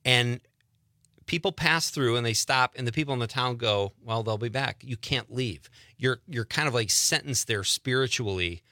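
A man's voice: mid-range voice, normal speed, pushed and bright, no echo, clean studio sound. A man hosting a radio talk show, chatting casually and laughing easily.

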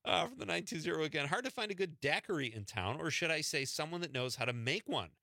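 A man's voice: a little high, sing-song, quick pace, bright, forceful tone, no room sound, studio quality. A man hosting a late-night radio show, chatting easily and laughing often as he reads listener texts. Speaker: radio host. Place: radio studio.

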